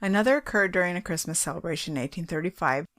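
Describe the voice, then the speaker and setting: Tipsy giggly woman, lowish voice. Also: racing, background noise. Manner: giggly, reads aloud then drifts off topic. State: tipsy from drinks. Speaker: podcast co-host. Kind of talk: tipsy casual chat, reading a ghost story.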